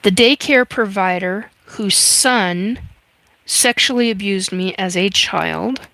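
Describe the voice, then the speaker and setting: Chatty and full of fillers, a fifties-aged woman reads her chat aloud while hosting a casual livestream. She speaks slowly in a medium-pitched, creaky, slightly bright voice, with no echo.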